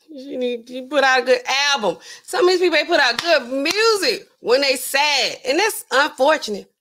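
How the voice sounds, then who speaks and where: A woman pharmacist with a high voice hosts a casual livestream at normal speed, chatting loosely about features and reading viewers' comments aloud. She laughs often and talks back to chat, her voice swinging widely as she reacts in a chatty, animated way.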